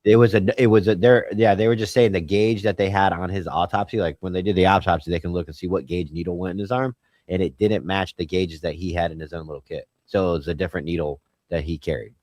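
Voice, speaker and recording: A man's voice: low-pitched, steady tone, fast talker, darkish tone, no echo. A man in casual podcast chat, rambling and argumentative, swearing often. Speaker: podcast host.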